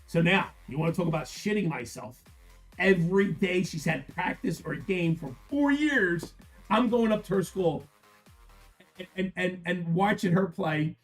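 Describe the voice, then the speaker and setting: A man's voice: high-pitched, animated, normal speed, soft background music. A middle-aged man hosting a live stream, talking casually and bluntly, swearing freely, telling stories and chatting with viewers by name. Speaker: live card-break stream host.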